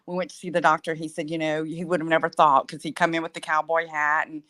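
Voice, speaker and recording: A woman caller on a video call, speaking quietly and plainly. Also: low-pitched, little pitch movement, fast. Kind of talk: casual chat.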